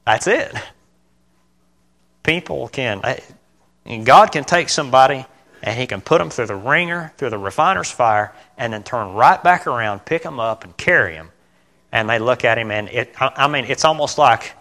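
Middle-aged male lay preacher, informal church sermon, earnest and stumbling with loud outbursts, bright edge. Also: mid-range voice, big pitch swings. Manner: earnest, halting, self-correcting, with sudden loud bursts.

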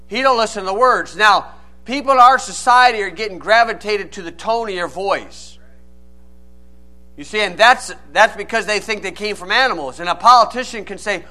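Preacher guy, high bright voice, reads scripture then breaks it down. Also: lively intonation, normal speed. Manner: reads scripture in King James style, then explains plainly and emphatically. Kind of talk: sermon.

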